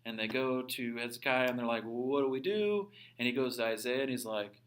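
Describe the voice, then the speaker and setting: A man lecturing a religion class in a casual, animated way, acting out the voices of the people in his story. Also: medium pitch, fairly quick. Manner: animated storytelling, acts out quoted characters. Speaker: religion teacher.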